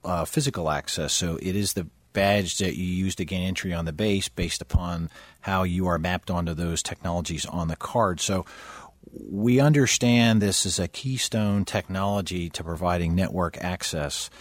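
Man, military panelist, very low pitch, dry sound, measured technical explaining. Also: no room sound. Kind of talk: panel discussion.

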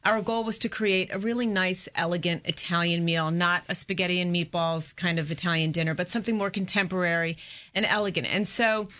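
Woman cookbook writer, lowish voice, lots of um's, describing ingredients. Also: fairly even intonation, fairly quick, fairly bright tone. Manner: detailed, descriptive, with many fillers. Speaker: cookbook author. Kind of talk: casual talk-show chat.

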